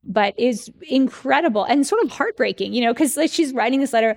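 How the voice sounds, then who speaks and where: A woman speaking as a guest in a conversational interview, telling stories with lively acted-out quotes. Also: high voice, brisk, hardly any pauses. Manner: animated storyteller, acts out quoted letters. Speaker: guest author, historian.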